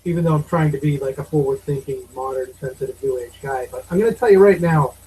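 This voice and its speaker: Talking quickly in a medium-pitched, dark voice, the same kind of podcast co-host, a man in his thirties, vents opinionated, exasperated movie reviews with casual swearing. The recording is low quality with slight background noise.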